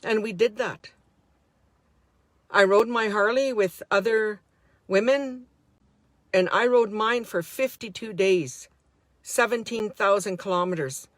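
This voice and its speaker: A woman's voice: mid-range voice, takes it slowly, long pauses, no echo. A middle-aged woman speaking an unscripted, heartfelt monologue to her handheld camera, indignant and repeating herself as she talks. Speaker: vlogger.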